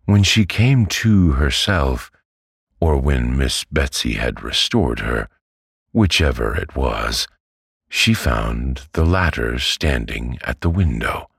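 Man, bedtime story narrator, very deep, very slow, husky, dry close mic. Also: expressive, fairly bright tone, no echo. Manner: slow, measured, soothing delivery. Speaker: audiobook reader.

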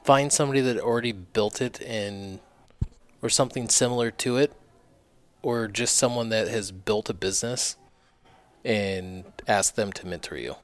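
A man in his thirties, a barber and business owner, telling stories in casual conversation, animated and profane, acting out what others said. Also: lowish voice, moderate pace, faint music behind.

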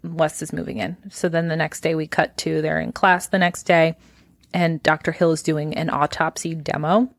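A woman's voice: deep voice, normal speed, dry recording, studio quality. A young woman co-hosting a podcast in casual movie-review chat, teasing and laughing often. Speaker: podcast co-host.

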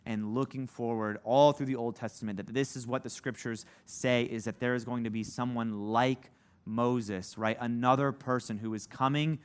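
A preacher with a medium-pitched, clear, resonant voice gives a casual Bible lesson at normal speed and with fairly even intonation. He talks conversationally, says "like" a lot, and acts out the voices of the people in the story.

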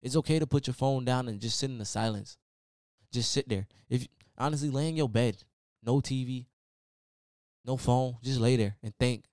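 A podcast host gives a laid-back yet preachy motivational talk by himself, peppered with repeated "man" and "y'all." He speaks in a mid-range, slightly mellow voice at a moderate pace, recorded dry at studio quality.

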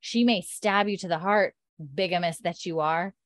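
A woman voicing a stern, protective Highland husband who speaks in firm, threatening lines. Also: fairly even intonation, moderate pace, lightly acted.

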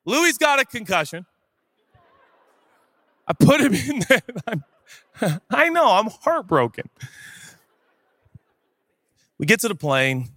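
Animated, joking man preaching on stage. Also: high-pitched, slow pace, long pauses, no echo. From Seattle area, USA. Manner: animated, jokey, sudden loud shouts. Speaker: pastor. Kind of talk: humorous sermon storytelling. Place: church stage before a live audience.

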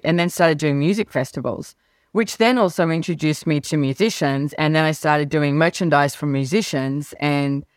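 A middle-aged woman guest on an interview show, telling stories and acting out past conversations with big jumps in pitch. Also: no room sound, studio quality. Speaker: guest, business author. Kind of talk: animated storytelling interview talk.

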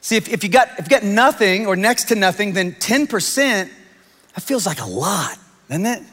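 A man's voice: sits high, moderate pace. Man preaching in a reverberant church hall. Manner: animated storytelling, quoting others in raised voices. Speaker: pastor. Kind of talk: sermon.

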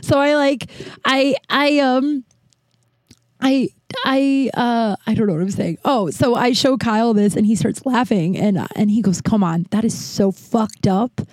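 A woman's voice: a little high, a little slow, dry recording. A woman hosting a podcast, frankly telling a personal story with many restarts and asides.

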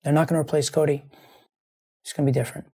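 A man's voice: on the high side, flat delivery, quick pace, dark tone, slightly rough. A man hosting a show, speaking in an earnest, rambling monologue to his listeners while grieving and close to tears, often repeating himself. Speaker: show host.

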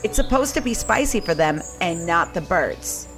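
A woman's voice: on the low side, expressive, moderate pace, fairly bright tone, soft background music. A woman putting on a hammy regional accent to read a listener's story aloud, giggling and self-mocking.

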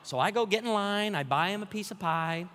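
A man preaching a sermon as pastor, telling funny stories and building to energetic exhortation. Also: high voice, fairly quick, slight background noise. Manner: storytelling with humor, rising to energetic exhortation. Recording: long hall reverb.

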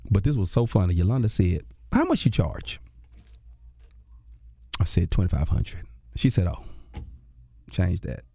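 A man, a comedian and radio host, telling a lively story in a conversational interview, acting out other people's voices with bursts of laughter. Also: sits low, unhurried, gravelly, pauses often, slight background noise.

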